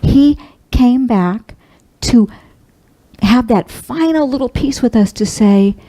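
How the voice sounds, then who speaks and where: A middle-aged woman minister giving a sermon, telling a personal story in a tender, heartfelt, halting way. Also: on the high side, warm tone, rough recording.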